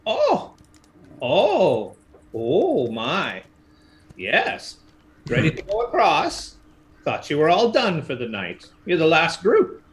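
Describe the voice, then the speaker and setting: A man doing a sly creaky old ferry woman. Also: wildly swooping pitch, takes it slowly, pauses often, heavily acted. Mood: chirpy. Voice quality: high, cracking old lady voice. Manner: sly, teasing.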